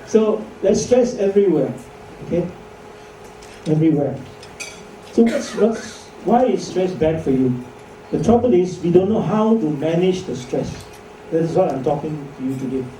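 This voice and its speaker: A man's voice: on the high side, animated, moderate pace, dark tone. Man lecturing in an echoey hall. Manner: chatty, joking, many rhetorical questions. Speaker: doctor lecturing to doctors. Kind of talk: medical lecture. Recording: echoey hall from far off, faint noise.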